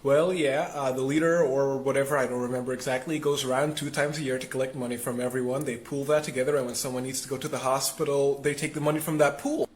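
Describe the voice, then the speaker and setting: A man's voice: medium pitch, steady tone, fast, hardly any pauses, slight background noise. A man telling a travel story in a matter-of-fact way with a few hesitant fillers. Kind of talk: storytelling to camera.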